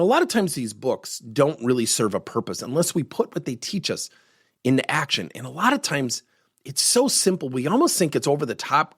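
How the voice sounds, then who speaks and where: Middle-aged male coach and host, lively storyteller, dry close-mic sound. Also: medium pitch, breathy edge, no echo. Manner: animated storyteller, acts out quoted dialogue. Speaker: podcast host and workplace coach. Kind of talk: solo podcast monologue, storytelling.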